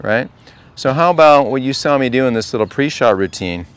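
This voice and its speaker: Chatty golf coach, smooth clear voice. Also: male voice, mid-range voice, animated, a little fast. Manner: conversational, keeps asking the group questions. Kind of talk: outdoor golf clinic talk to a group. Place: outdoor golf practice range.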